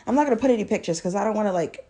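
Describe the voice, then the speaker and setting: A woman's voice: mid-range voice, expressive, very fast, warm tone. A young woman vlogger telling a storytime with exasperated, slangy animation. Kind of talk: storytime vlog.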